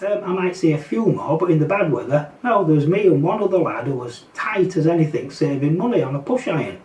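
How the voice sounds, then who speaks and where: A vlogger from Yorkshire, England, with a Yorkshire accent, rants bluntly and sarcastically in a casual opinion video, rambling with fillers and mocking asides. His voice is on the high side and a little mellow, recorded from a distance with roomy echo.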